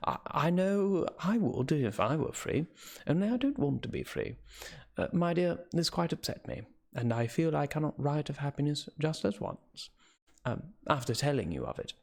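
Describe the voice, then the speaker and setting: A man's voice: on the high side, sing-song, normal speed, creaky, darkish tone, exaggerated voice. A man voicing a sweet, emotional young Victorian woman writing a letter, in a gushing and tender manner.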